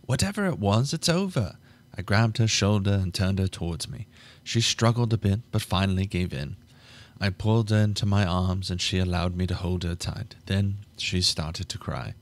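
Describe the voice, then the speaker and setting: Deep-voiced male narrator for a live audiobook read, measured and steady. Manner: measured, restarts flubbed lines.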